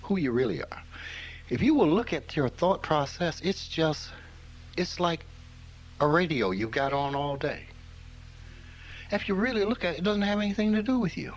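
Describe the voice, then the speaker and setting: A man's voice: on the high side, expressive, normal speed, long pauses, faint music behind, poor audio. An older man from rural Mississippi gives an informal spiritual talk, telling stories in a folksy way and chuckling often. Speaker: spiritual teacher.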